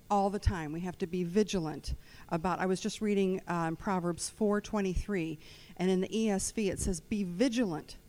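A woman's voice: medium pitch, mellow. A woman sharing an earnest reflection as part of a church message. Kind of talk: sermon reflection.

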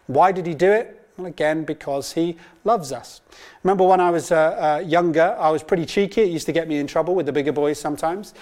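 A man's voice: fairly high pitch, quick pace, darkish tone. A man, giving a Bible course talk in an earnest, storytelling way with personal anecdotes. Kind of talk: sermon-style teaching talk.

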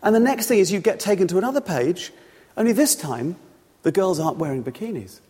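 Male preacher, sermon, animated delivery, slightly husky, long hall reverb. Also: sits high, fairly quick. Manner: storytelling, illustrating with everyday examples.

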